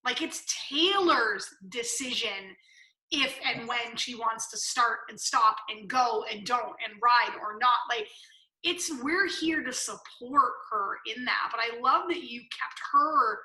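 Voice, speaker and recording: A woman's voice: a little high, animated, slow pace, bright, forceful tone, roomy sound, rough recording. A woman hosting a podcast, recapping her guest's points with emphasis. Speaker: podcast host. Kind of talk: casual interview chat.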